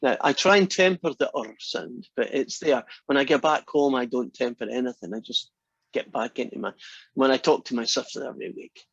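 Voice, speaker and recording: A man's voice: mid-range voice, a little fast, vocal fry, a bit bright, breathy edge, no echo, highs cut off. A Scottish man giving a math lecture in a classroom, chatty and often restarting his sentences. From Scotland.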